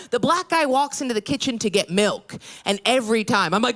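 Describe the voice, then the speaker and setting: A young woman from upstate New York performing a brash stand-up comedy set on a club stage, jumping into loud, high shouted bits. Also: lively intonation, fairly quick, hardly any pauses. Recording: live club recording with crowd noise. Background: audience laughter and applause.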